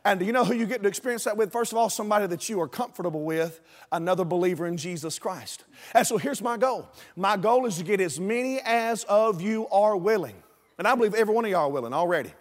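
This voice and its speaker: Man, pastor mid-sermon, high-pitched, pleading and emphatic, church hall reverb. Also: expressive, fairly quick. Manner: emphatic preaching, pleading and rising to shouts. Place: church auditorium. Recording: long reverb of a church auditorium.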